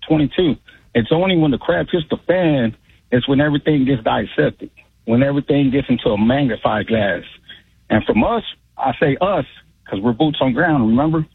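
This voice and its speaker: Caller, ex-club DJ, husky voice, phone-line sound, rambling. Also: male voice, a little high. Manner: rambling, streetwise storytelling. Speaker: radio caller, former club DJ. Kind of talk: casual call-in chat. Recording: tinny phone line, dry.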